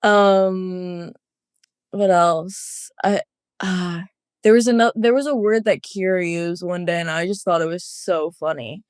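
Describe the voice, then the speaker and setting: A twenty-year-old footballer from Los Angeles, USA, guests on a casual podcast interview, her smooth, resonant voice sitting fairly low and moving a little slowly. She giggles and laughs often, relaxed and chatty, stringing thoughts together with plenty of "like". The sound is close and dry, with no room sound.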